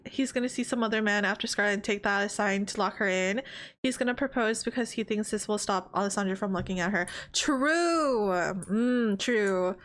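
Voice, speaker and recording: A young woman streaming a life-sim game, commenting excitably and exclaiming at every twist. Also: a little high. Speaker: gaming streamer. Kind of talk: let's play commentary.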